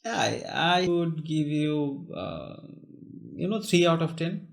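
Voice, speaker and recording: A man with a Bengali accent casually testing an AI, halting and repeating himself, later flat and despondent. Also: a little high, gravelly. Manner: halting, restarts often, turns flat and despondent. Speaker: channel host testing an AI. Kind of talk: casual chat with an AI.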